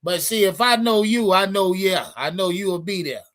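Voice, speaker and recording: A man with a high voice hosts a live sports stream, talking at normal speed. He chats casually with his viewers, profane and animated, and addresses the chat directly.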